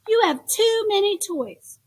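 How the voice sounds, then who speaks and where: A woman's voice: high voice, animated, moderate pace, slightly rough. A woman voicing a firm, impatient mother fed up with her son's toys. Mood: scolding. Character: exasperated mom clearing out toys.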